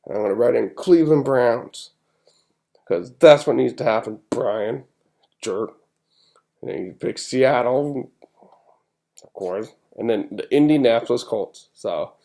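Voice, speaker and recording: Gravelly guy hosting a podcast, rambling thru football picks, swings up and down a lot. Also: medium pitch. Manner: animated, exasperated fan rambling with restarts. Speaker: podcast host. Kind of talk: casual sports-picks talk.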